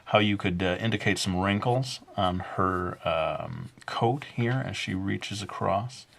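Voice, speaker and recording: A man's voice: fairly low pitch, slow pace, creaky, few pauses, fairly bright tone. A man narrating a casual drawing tutorial, chatty and self-mocking, rambling with many fillers. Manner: chatty and self-mocking, jokingly putting on a bad accent. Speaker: drawing instructor.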